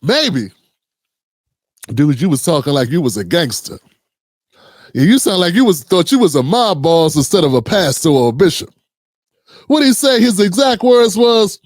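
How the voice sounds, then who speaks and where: A man's voice: high voice, big pitch swings, normal speed, long pauses, no echo, studio quality. A man hosting a reaction commentary show, blunt and sarcastic, talking straight to his viewers. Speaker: commentary host.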